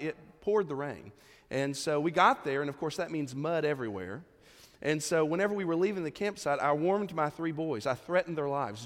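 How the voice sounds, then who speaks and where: A man, preaching a sermon in a conversational, humorous way with little acted-out asides. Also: fairly high pitch. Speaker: pastor. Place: church sanctuary. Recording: echoey church hall.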